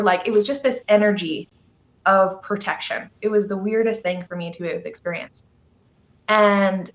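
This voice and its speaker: A woman's voice: mid-range voice, fairly bright tone, muffled recording. A woman from Canada, a guest telling a personal story on a live stream, earnest and emotional, rambling with fillers.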